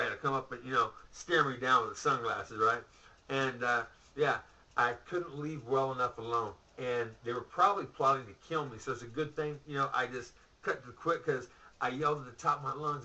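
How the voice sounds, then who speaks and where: A man's voice: medium pitch, bright, forceful tone, lo-fi sound. A man telling a rambling story in a profane, ranting monologue, full of asides and curses. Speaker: vlogger.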